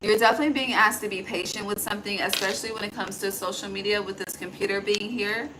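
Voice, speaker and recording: A chatty woman talks through an intuitive card reading at an everyday pitch, thinking aloud as she goes. She swears freely and calls her listener honey. A steady hiss of background noise sits clearly under her voice. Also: fast talker. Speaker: intuitive tarot reader. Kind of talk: casual spoken card reading.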